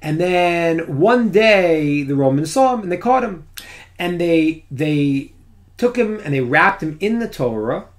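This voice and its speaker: A man teaching a Torah lesson as an animated storyteller who drops to a hushed near-whisper at dramatic moments. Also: on the high side, a little slow.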